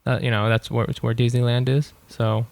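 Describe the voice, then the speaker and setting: A man's voice: medium pitch, little pitch movement, brisk, vocal fry. Easygoing self-mocking young man. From Anaheim Hills, California. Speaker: comedian, co-host. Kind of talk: casual podcast banter.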